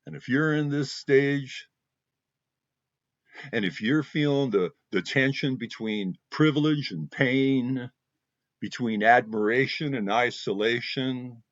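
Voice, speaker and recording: A male spiritual channel host gives his viewers a heartfelt talk, speaking slowly, emotionally and passionately and repeating phrases for emphasis. His voice is medium in pitch, and the recording is dull, dry and lo-fi, with no room sound.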